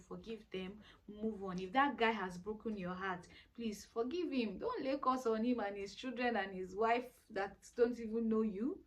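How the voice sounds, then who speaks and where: Earnest young Nigerian woman giving advice. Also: a little high. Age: 20s. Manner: earnest, exhorting, repetitive pleading. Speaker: vlogger. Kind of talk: casual advice talk to camera.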